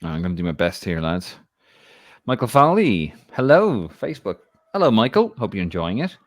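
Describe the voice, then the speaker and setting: Low-voiced cheeky Irish man. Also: very animated, moderate pace, no echo, clean studio sound. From Ireland. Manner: chatty, cheeky, jokey banter. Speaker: podcast co-host. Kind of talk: casual live show chat.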